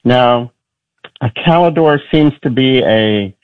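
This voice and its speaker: A man's voice: medium pitch, slow pace, no echo. A man calling in to a radio show by phone, telling his story hesitantly. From Virginia, USA. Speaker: caller. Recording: tinny phone line.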